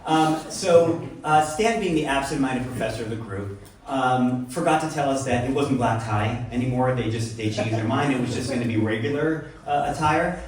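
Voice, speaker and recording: A man's voice: medium pitch, moderate pace. A man telling a rambling personal story live, full of asides, restarts and wry jokes about himself. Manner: rambling, self-interrupting, wry. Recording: echoey room, heard from a distance.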